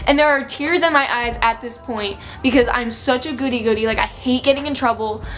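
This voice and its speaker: A woman's voice: on the high side, brisk, a bit bright, faint music behind. A young woman in her late teens telling a storytime vlog in a chatty, filler-heavy, breathless way. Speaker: vlogger.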